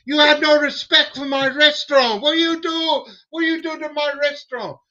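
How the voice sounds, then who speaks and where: Man doing a furious shouting chef. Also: extremely high pitch, steady tone, normal speed, pitched above the performer's own voice. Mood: furious yelling. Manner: shouting, broken grammar. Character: furious male restaurant chef waving a machete. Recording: dull lo-fi recording.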